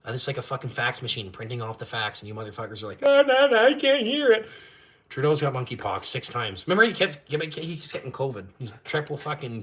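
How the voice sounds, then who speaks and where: A man's voice: medium pitch, a bit bright. A man ranting on his live stream, crude and mocking, swearing constantly. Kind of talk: casual profane rant on a live stream.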